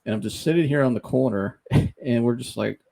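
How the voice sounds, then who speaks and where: A man hosting a podcast, telling a funny story in a casual, animated way, laughing often and mimicking the people he quotes. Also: mid-range voice, fairly quick, creaky. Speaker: podcast host.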